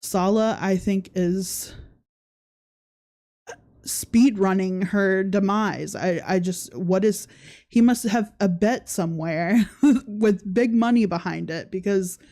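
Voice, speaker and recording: A woman with a mid-range, dark-toned voice hosts a casual livestream podcast, speaking slowly. She makes sarcastic comments and laughs often while talking and reading viewers' comments.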